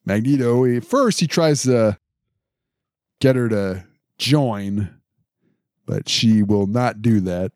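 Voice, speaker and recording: A man's voice: on the low side, takes it slowly, long pauses, darkish tone, no echo, studio quality. A man co-hosting a casual chat, steadily recapping events with occasional fillers. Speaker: podcast co-host.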